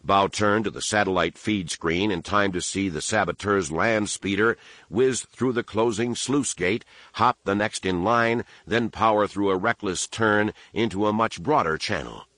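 A man narrates an audiobook from a script, telling the story in a steady, measured manner. His voice is lowish and the recording is dry.

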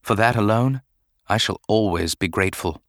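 A man voicing a calm, measured middle-aged Jedi knight who speaks gently and formally. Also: on the low side, no echo, clean studio sound, close to an everyday voice. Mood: gentle.

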